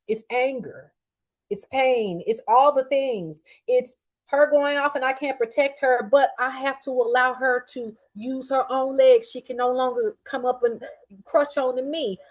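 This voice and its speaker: A middle-aged woman hosting a podcast, telling a personal story in a candid, profane and heated way, upset after a day of crying. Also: high-pitched. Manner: candid, profane and heated, swinging between quiet fuming and loud outbursts. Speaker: podcast host.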